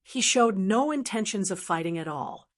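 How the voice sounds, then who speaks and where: A woman's voice: medium pitch, lively intonation, normal speed. Woman narrating a fantasy audiobook.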